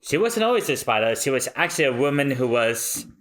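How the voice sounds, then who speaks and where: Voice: mid-range voice, big pitch swings, brisk, a bit bright. A podcast co-host making a case in casual chat, laughing along.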